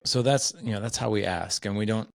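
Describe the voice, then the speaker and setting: A man's voice: fairly low pitch, brisk, creaky, dry recording. A man as a podcast guest, telling stories in casual conversation and voicing the quoted dialogue. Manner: storytelling, voices quoted dialogue.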